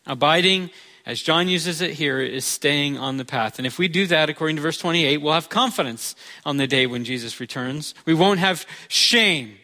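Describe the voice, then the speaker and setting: A man's voice: on the high side, moderate pace, pushed and bright. A male pastor preaching a sermon in a conversational way, with touches of humor.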